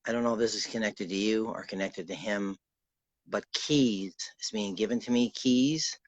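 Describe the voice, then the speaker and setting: A man acting as a spirit medium, guiding a sitter and calling out to spirits in a soft, reassuring way. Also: fairly low pitch, moderate pace, no room sound, muffled recording. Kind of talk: guided spirit session.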